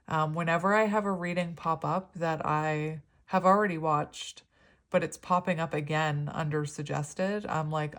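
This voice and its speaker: A woman in her thirties giving a pick-a-card tarot reading at home, talking gently and rambling with fillers. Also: sits low. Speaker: tarot reader.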